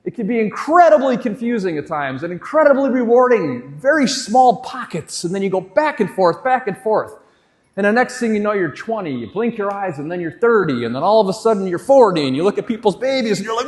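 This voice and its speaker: A man in his forties giving a live motivational talk on stage, hyped, swearing and leading the crowd in shouted chants. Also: high voice. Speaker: motivational speaker. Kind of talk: live motivational talk with audience call-and-response. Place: stage in a large hall with a crowd. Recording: echoey hall with faint crowd.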